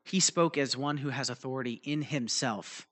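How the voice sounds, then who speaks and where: A man with a medium-pitched, fairly bright voice speaks at a normal speed as he preaches a teaching sermon, loosely explaining a Bible passage. He checks in with his listeners often, tossing out "right?" and "okay?", and his delivery is loose, full of fillers and restarts.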